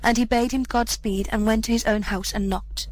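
Gentle woman reading an old fairy tale. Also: fairly high pitch, fairly even intonation, slight background noise, low-quality recording. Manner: measured, gentle storytelling with character voices. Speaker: narrator. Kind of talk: storybook reading.

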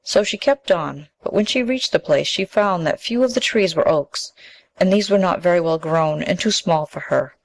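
Woman reading a storybook, low voice. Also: lively intonation, normal speed, rough recording. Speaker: narrator.

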